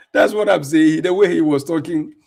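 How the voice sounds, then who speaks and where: A man's voice: fairly high pitch, a little slow, creaky, a little mellow. A man hosting a live stream, commenting on clips and talking to viewers in a mocking, insistent way with lots of repetition. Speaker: livestream host reacting to clips.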